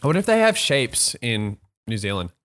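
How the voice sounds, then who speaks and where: A man with an Australian accent co-hosting a casual podcast chat while taste-testing snacks, animated and laughing. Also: brisk. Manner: animated, laughing, lively pitch swings. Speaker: podcast co-host.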